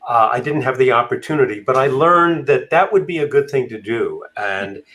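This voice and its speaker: A man speaks as a guest author in a relaxed conversation, in a voice of ordinary pitch for a man. He thinks aloud as he goes, pausing often with fillers and starting sentences over. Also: low-quality recording. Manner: thoughtful, halting with frequent fillers. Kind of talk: casual interview talk.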